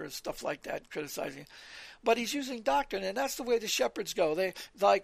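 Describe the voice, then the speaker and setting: A man's voice: high-pitched, lively intonation, fairly quick, creaky, dry recording. A man giving an earnest, rambling evening Bible talk, reading scripture aloud and explaining it verse by verse. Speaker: preacher.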